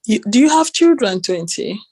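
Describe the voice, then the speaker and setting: A woman's voice: a little high, big pitch swings, normal speed, darkish tone, husky, no room sound. A woman co-hosting a casual chat, giggly and hesitant, often searching for her words. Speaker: podcast co-host.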